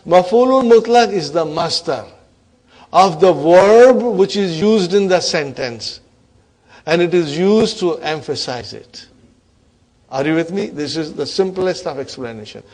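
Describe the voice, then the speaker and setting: Man, Arabic grammar teacher, online class lecture, encouraging, slightly high voice, frequent "huh?". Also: a little mellow. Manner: addresses students as brothers and sisters.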